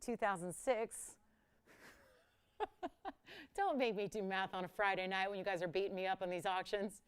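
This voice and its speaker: A woman's voice: normal speed, clear, resonant tone. A woman hosting a live jewelry shopping auction, chatting casually with viewers and crew and laughing often. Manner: chatty, laughs often, lively swings in pitch and volume.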